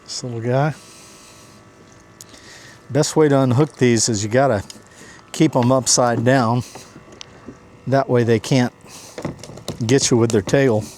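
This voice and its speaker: Male outdoor host, mid-pitched, chatty and excitable, narrating his catch live from a kayak with faint background noise. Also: takes it slowly, pauses often. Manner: excitable, talks to viewers while fishing. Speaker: fishing vlogger host. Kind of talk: casual running commentary.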